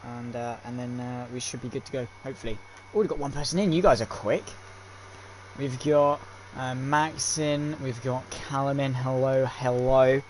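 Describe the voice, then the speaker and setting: A man's voice: medium pitch, moderate pace, slight background noise. A man doing upbeat live stream commentary on a sim race, chatty and full of fillers as he calls the action. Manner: chatty, lots of fillers and restarts; upbeat play-by-play.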